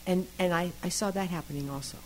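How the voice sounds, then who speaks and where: A woman guest on a radio interview, speaking quickly and reflectively. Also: on the low side, a little hiss or hum, rough recording.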